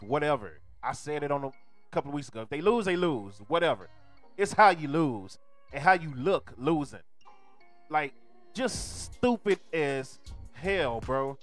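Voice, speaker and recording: A hoarse male streamer ranting about a football game and repeating his complaints in exasperation. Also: fairly high pitch, expressive, moderate pace, faint music behind. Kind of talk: sports rant.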